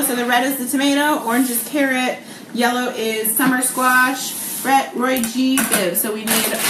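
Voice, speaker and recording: A woman in her thirties hosting a casual live cooking vlog from her home kitchen. She talks in a bubbly, chatty way, laughs often, and fills her speech with um and like. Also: fairly high pitch. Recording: echoey kitchen with clear background noise.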